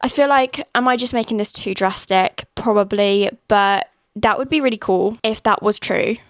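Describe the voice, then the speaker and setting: On a lunch break at work, a book vlogger records a casual reading-reaction video in a mid-range voice at a moderate pace, with no room sound. She's chatty and emotional, exclaiming often as she reacts to what she reads.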